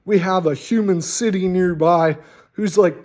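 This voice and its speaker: A man hosting a casual, rambling talk on tabletop role-playing, animated and full of swearing. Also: sits high, a little slow. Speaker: host.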